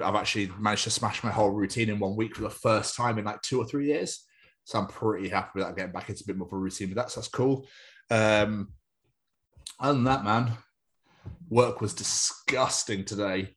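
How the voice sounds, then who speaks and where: Chatty young man, low voice. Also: moderate pace, a bit bright. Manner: chatty, jokey, slips into silly put-on voices. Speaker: podcast co-host. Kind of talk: casual chat.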